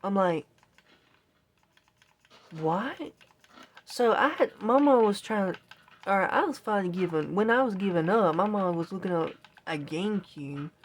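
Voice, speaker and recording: This vlogger's mid-range voice is expressive and moderately paced as she tells a long, casual story during a gaming session. The retelling rambles and sounds exasperated, with quoted self-talk throughout.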